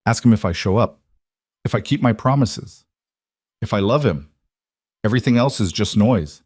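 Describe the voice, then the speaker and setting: A steady, earnest man in his forties speaks in a low, plain voice, as the narrator plays him. The reading is dry and close. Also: normal speed, husky, dry recording.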